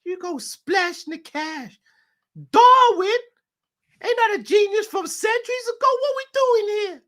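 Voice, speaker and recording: A man doing an impression of a greedy, brash American club owner with a high, drawling voice. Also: expressive, a little slow, sharp tone, heavily acted. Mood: mocking.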